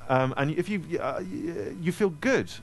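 A man's voice: on the high side, expressive, unhurried. A man originally from Scotland chats with a live audience at a store event, holding a handheld mic. He wanders off into jokey, self-mocking tangents and loose asides as he answers their questions. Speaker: author speaking to an audience. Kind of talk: casual audience Q&A. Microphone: handheld microphone.

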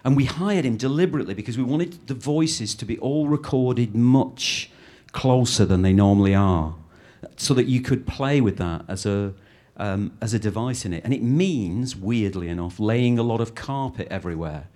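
A middle-aged man from Britain talks through his films as an interview subject. He rambles, breaks off and restarts his sentences, and keeps up a lively flow. His voice sits at an ordinary pitch for a man. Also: normal speed. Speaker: film director. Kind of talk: interview answers.

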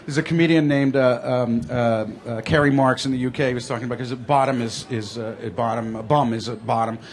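A man's voice: medium pitch, steady tone, fast, slight background noise. An American man hosting a casual chat, dry and teasing, telling loose anecdotes. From United States. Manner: dry, teasing, storytelling asides.

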